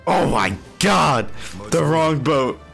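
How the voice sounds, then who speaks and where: A man hosting an anime reaction video, talking in excitable, slangy bursts full of exclamations. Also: fairly high pitch, takes it slowly, vocal fry, over music. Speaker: anime reaction channel host. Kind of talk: live anime reaction commentary.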